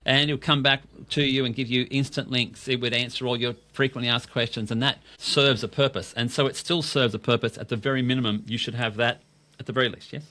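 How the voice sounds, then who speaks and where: A middle-aged Australian man co-hosts a casual business podcast, talking with enthusiasm and asking himself questions before answering them. His medium-pitched voice sounds pushed and bright.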